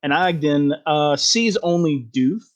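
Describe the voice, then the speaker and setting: A man's voice: fairly high pitch, animated, slow. A man running a tabletop game as game master, narrating loosely with many fillers.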